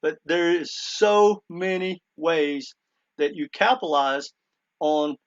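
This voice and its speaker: A man's voice: a little high, slow, highs cut off. A man talking casually to his viewers, retelling a story in earnest and quoting a speaker with many "he goes" asides. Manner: earnest, keeps addressing viewers as "guys". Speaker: crypto commentator. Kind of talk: casual monologue.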